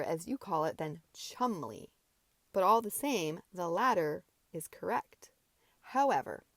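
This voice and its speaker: A woman voicing a brash, loud middle-aged male teacher in an amateur audiobook, booming and bluff. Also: no room sound, clean studio sound. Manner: booming and bluff, mock-hectoring.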